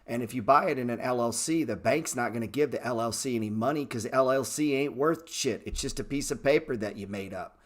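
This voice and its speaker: A man's voice: mid-range voice, brisk, hardly any pauses. A middle-aged man hosting a casual trading livestream, blunt and profane as he lectures viewers in the chat. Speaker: trading show host answering viewer chat.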